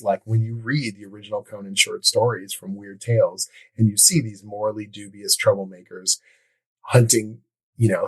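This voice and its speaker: A man speaking as a guest on a podcast, a writer talking eagerly and quickly agreeing with the host. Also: on the low side, husky, poor audio. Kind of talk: casual interview chat.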